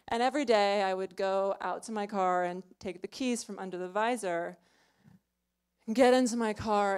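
A woman's voice: mid-range voice, clean tone. Chatty young woman telling a story. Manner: chatty, self-mocking, full of "like" and "you know". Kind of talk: live storytelling on stage. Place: small club stage before an audience.

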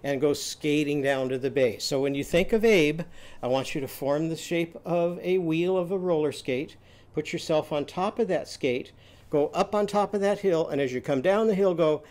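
A man teaching a phonics lesson, telling short stories and quizzing the class with loud, drawn-out vowel sounds. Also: fairly high pitch. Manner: animated, loud drawn-out vowel shouts and quiz prompts.

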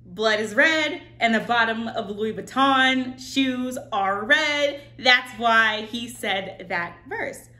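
A woman hosting a casual reaction video, excitable and thinking out loud. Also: on the high side, slow pace, hardly any pauses, echoey room. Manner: excitable, exclaims and thinks aloud.

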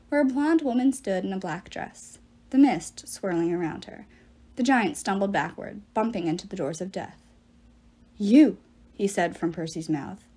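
A woman narrating a novel aloud with steady, expressive narration. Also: medium pitch, slightly rough. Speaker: audiobook reader.

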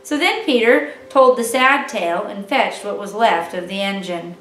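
A woman reading a classic children's novel aloud in an expressive, animated way. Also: mid-range voice, moderate pace, a little hiss or hum. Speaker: children's ministry reader. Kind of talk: storybook read-aloud for children. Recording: roomy, distant mic with faint music.

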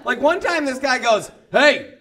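A young man doing a stand-up comedy set, telling self-mocking stories and shouting out punchlines. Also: very high-pitched, lively intonation, normal speed. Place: comedy club with a live audience. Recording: live club recording with crowd. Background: audience laughter.

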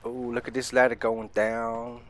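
Brief: male gaming host, loud and profane let's play commentary, mid-range voice, keeps addressing viewers. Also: medium pitch, level tone, a little slow.

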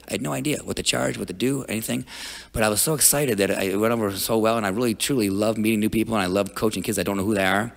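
A man talking as a podcast guest, telling stories in an energetic, rambling way with many restarts. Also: on the low side, rapid-fire, gravelly, in a large hall. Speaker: guest wrestling coach. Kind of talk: casual storytelling.

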